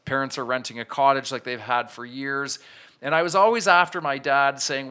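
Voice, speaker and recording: A man's voice: mid-range voice, expressive, brisk, sharp tone, clean tone. A man in his thirties, a podcast guest, telling a candid, self-reflective personal story with frequent restarts. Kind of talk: storytelling in an interview.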